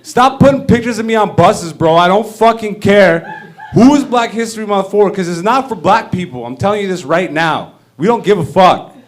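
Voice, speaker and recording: A man's voice: sits high, lively intonation, moderate pace. A man in his thirties doing a profane, brash stand-up comedy rant on a club stage. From Canada. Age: 30s.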